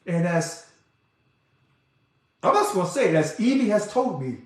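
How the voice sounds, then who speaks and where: Passionate man in a very echoey room. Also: high-pitched. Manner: passionate, talks fast and loud when excited. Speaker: organization president. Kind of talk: impassioned monologue.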